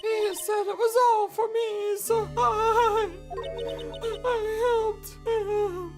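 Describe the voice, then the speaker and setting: A woman voicing a tearful, frail young woman in a video game, speaking high and quavering over game music. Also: fairly even intonation, very slow, exaggerated voice.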